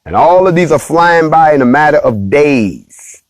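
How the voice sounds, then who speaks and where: A man's voice: on the high side, expressive, measured pace, no echo. A man, hosting a casual morning talk and speaking straight to his viewers in a preachy, playful way. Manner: preachy, playful, addresses the audience directly. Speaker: host.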